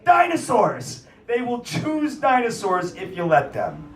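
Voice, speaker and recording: A high-voiced male host who rambles through a profane, filler-heavy comedy rant before introducing acts. He is picked up from a distance in an echoey little cafe room. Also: huge pitch swings, measured pace, background noise. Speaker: festival host and MC. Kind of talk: stand-up rant and act introduction. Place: small cafe music venue. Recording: roomy live room, mic from afar.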